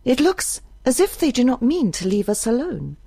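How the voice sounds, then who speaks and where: A woman's voice: on the high side, big pitch swings, normal speed, gravelly, mellow, slightly rough, dry recording, voice pushed up, exaggerated voice. A woman voicing a cool, determined young woman who speaks dryly and intensely in an audiobook. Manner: dry, intense.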